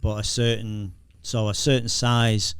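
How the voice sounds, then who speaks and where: Man, Northern English accent, middle-aged, low pitch, smooth voice, chatty storyteller. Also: level tone, a little slow, no room sound, clean studio sound. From England. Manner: chatty, laughs through anecdotes, lots of restarts. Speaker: guest, former explosive detection dog handler. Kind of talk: casual storytelling interview.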